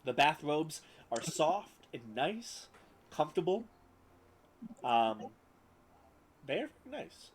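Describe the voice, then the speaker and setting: A man's voice: on the high side, sing-song, drawn-out words, pauses often, husky, rough recording. Man narrating as game master. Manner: descriptive, with many fillers.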